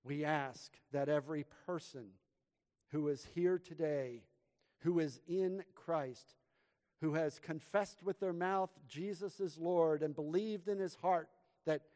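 A pastor preaching a sermon and praying from the pulpit of a church, with dramatic swings between loud emphasis and hushed, quiet lows. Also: male voice, slow pace. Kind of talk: sermon and prayer. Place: church sanctuary. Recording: long hall reverb from church.

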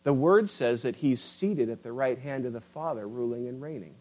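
A man's voice: mid-range voice, animated, normal speed, a little mellow, rough recording. A man preaching a sermon with impassioned, rising and falling emphasis, addressing listeners as beloved.

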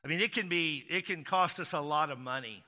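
A man's voice: a little high, brisk, pushed and bright. A man preaching a sermon as pastor, chatty and storytelling, who acts out quoted people along the way. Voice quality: conversational, storytelling with acted quotes. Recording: long hall reverb.

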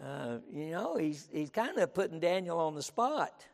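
A man's voice: on the high side, big pitch swings, moderate pace, vocal fry. A male pastor preaching a sermon in an emphatic style, repeating his points and often breaking in with "listen". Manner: emphatic, repeats himself, keeps saying "listen". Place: auditorium. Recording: reverberant auditorium.

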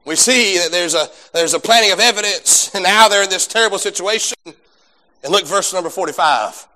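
A man preaching a sermon, swinging between loud drawn-out emphasis and quiet folksy asides. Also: high voice. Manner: folksy, self-deprecating asides. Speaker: pastor.

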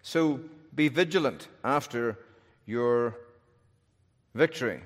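A man's voice: mid-range voice, slow pace. A man preaching an expository sermon, telling the story with wry humor and shifting emphasis. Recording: long hall reverb.

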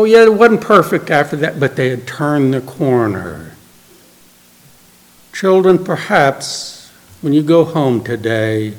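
A middle-aged male pastor preaching a sermon, telling stories earnestly and dropping to a soft, quiet voice for emphasis. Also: a little high. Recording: long hall reverb.

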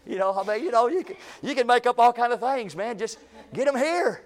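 A man preaching with a fairly high voice. His sermon is folksy and conversational, full of asides to the congregation, then builds into rhythmic, emphatic runs. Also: expressive, a little fast. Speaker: pastor.

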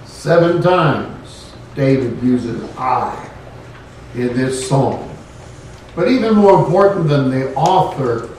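A man's voice: fairly high pitch, a little mellow, slight background noise. A man preaching a sermon in a folksy way, rising to emphatic points. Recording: echoey room, voice from far off.

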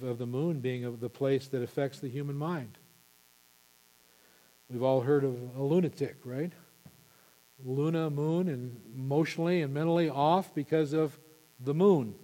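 A male pastor preaching an impassioned sermon, building to loud emphatic peaks. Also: on the high side, in a large hall.

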